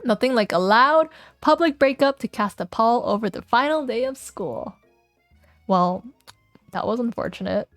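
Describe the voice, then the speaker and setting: A woman's voice: a little high, animated, unhurried, pauses often, dry recording, soft background music. A young woman streaming a game, chatting playfully and reading its text aloud, giggling often.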